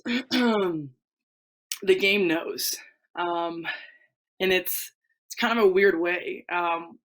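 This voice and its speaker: A young woman in her twenties, a former softball player talking as a guest in a casual interview, loose and full of fillers. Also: on the low side, rough recording. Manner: relaxed, many fillers, laughs easily.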